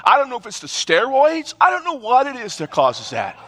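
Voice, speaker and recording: A man's voice: very high-pitched, fairly quick. A male pastor preaching a sermon, telling stories with humor and plenty of restarts. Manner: animated storytelling with humor and repeated restarts. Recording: long reverb of a large hall.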